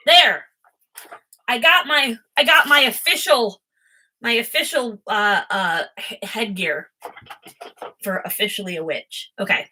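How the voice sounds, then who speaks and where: A woman's voice: fairly high pitch, unhurried, long pauses, sharp tone, slight background noise. A woman doing a casual, chatty tarot reading, rambling and easily distracted, often giggling.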